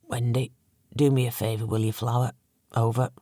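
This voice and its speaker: A woman's voice: very deep voice, level tone, moderate pace, mellow, no echo, studio quality, voice pushed down. A woman voicing a middle-aged male police chief, strained and heavy with emotion. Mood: desperate.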